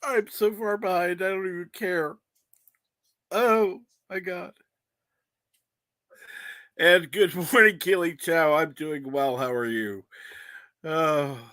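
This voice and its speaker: A man's voice: high voice, slow pace, pauses often, fairly bright tone, no echo. A man hosting a casual livestream, reading the chat aloud and laughing often. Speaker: livestream host.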